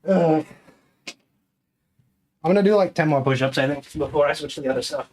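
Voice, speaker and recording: A man's voice: fairly high pitch, brisk, darkish tone. A man streaming live, chatting casually and counting exercise reps aloud while out of breath.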